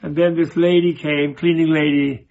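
A man giving an informal Buddhist teaching, telling stories in a halting way, often repeating and restarting his words. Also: fairly high pitch, level tone, gravelly, darkish tone, lo-fi sound. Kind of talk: informal spoken teaching with storytelling.

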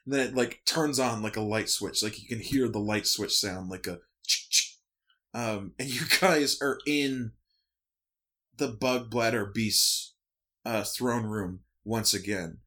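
A man's voice: on the low side, takes it slowly, bright, forceful tone. Male game master, rambling casual narration, full of fillers.

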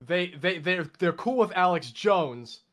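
A man's voice: high voice, animated, measured pace, fairly bright tone. Laid-back man with a northeastern American accent. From northeastern United States. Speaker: podcast co-host. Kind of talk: casual podcast banter. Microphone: video call.

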